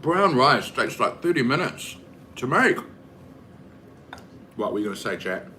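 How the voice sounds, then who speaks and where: A man's voice: mid-range voice, very animated, unhurried, bright, forceful tone, a little hiss or hum. A man with a New Zealand accent chatting casually and rambling with lots of fillers while he cooks for his vlog. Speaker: vlogger. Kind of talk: casual chat while cooking.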